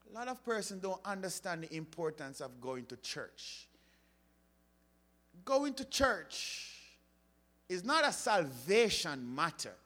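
A man preaching a sermon, rising to loud emphatic appeals and then dropping low.

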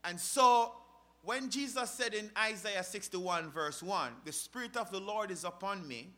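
A man preaching a sermon, asking rhetorical questions and swinging from loud, impassioned rises to quiet drops. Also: high-pitched, lively intonation, a little slow. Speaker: pastor.

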